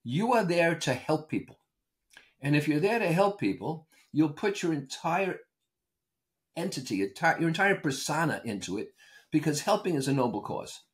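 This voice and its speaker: A man's voice: on the high side, moderate pace. An older man, a consultant and author, talks as a podcast guest. His voice moves through a wide range as he tells anecdotes and argues his points. He is emphatic and sure of himself. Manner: animated storyteller, emphatic and opinionated. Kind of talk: conversational interview answers.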